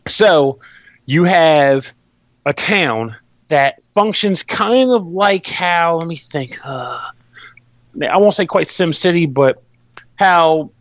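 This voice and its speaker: A man's voice: on the high side, animated, takes it slowly, no echo, lo-fi sound. A man hosting a podcast, explaining a game in rambling, loose and profane casual chat. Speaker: podcast host reviewing a game.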